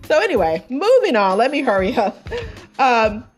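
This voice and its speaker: A woman's voice: a little high, sing-song, normal speed, faint music behind. A woman hosting a podcast, reviewing an album in loose casual chat, full of fillers and asides. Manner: chatty, many fillers and asides, laughs at her own jokes. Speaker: podcast host.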